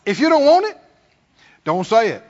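A man's voice: very high-pitched, huge pitch swings, moderate pace. A man preaching a sermon as pastor, calling out to the congregation and acting out complaining voices. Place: church sanctuary. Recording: dull sound, long hall reverb.

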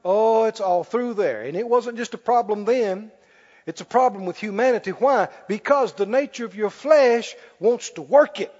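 Animated high-voiced preacher in a reverberant hall. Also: male voice, moderate pace. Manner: animated storytelling with laughs and loud prayer bursts. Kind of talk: sermon. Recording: dull lo-fi sound with long hall reverb.

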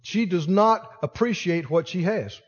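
A man preaching a sermon as pastor, exhorting the congregation and rising to shouts. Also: high voice, lively intonation, a little slow, slightly rough, big-room sound, highs cut off.

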